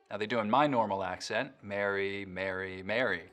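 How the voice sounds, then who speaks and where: A man explaining accent features in a lesson, slowly demonstrating each vowel sound with precise, drawn-out examples. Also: lowish voice, fairly bright tone, faint music behind. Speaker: accent expert.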